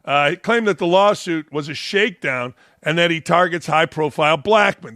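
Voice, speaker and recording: Male sports talk host, brash, mocking, bright edgy tone, dry close sound. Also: on the high side, moderate pace, creaky, hardly any pauses, no room sound. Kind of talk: opinionated sports talk commentary.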